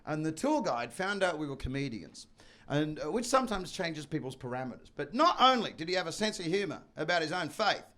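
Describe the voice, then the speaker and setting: Brief: high, bright-voiced Australian male comic, brash and swearing, live club set. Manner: loud, profane, swaggering. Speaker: stand-up comedian. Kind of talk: stand-up comedy set. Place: comedy venue under a pub.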